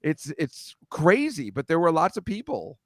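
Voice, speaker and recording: A man's voice: a little high, sing-song, a little slow, vocal fry, no echo. A man chatting as a guest on a podcast, rambling and self-deprecating, speeding up when he gets going. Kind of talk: casual chat.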